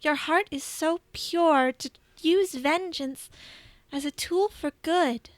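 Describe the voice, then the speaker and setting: Woman voicing Bastet, a gentle regal cat goddess. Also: high-pitched, slow, no echo, voice pushed up. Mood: tender.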